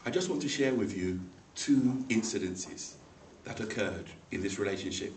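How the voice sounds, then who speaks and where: A man giving a humorous personal story as a speech, animated and acting out the people in it. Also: lowish voice, normal speed. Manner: animated, acts out voices in the story, laughs along. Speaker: speaker at a speaking club. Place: meeting room. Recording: echoey room, mic far off, faint noise.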